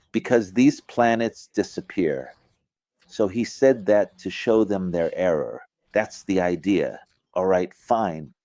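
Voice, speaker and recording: This religious teacher has a low, dark-toned voice and teaches casually in an informal explanatory lecture, recorded dry. Talking conversationally, he checks in with "you get it?" and emphasizes phrasings by acting them out.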